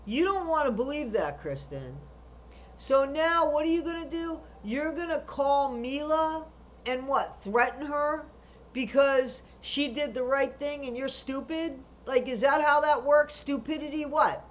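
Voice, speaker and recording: A woman's voice: high voice, a little slow. A woman giving blunt, indignant true crime commentary, swearing freely as she rants. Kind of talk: ranting commentary.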